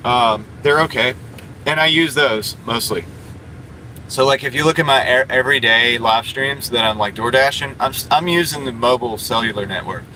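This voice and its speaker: Man streamer, bright voice, loose rambling chat from a parked car on a phone mic, faint hum behind. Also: medium pitch, moderate pace, poor audio. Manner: rambling and chatty, many fillers. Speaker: livestreamer. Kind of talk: casual live stream chat reading comments.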